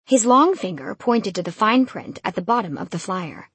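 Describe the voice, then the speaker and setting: A woman reading a novel aloud in first person, in a brisk, casual way. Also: mid-range voice, lively intonation, a bit bright, breathy edge, no echo. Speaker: audiobook narrator.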